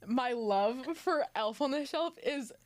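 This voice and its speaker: A bubbly young woman chats and laughs easily, her voice pitched a little high. She talks loosely, with lots of little fillers and restarts. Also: slow pace. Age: young adult. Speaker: podcast co-host. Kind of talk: casual chat.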